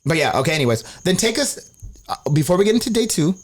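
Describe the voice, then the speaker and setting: Animated young man telling a story. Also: fast, slight background noise. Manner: animated, acts out quotes with big pitch jumps, swears freely. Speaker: podcast co-host. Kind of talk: casual storytelling chat.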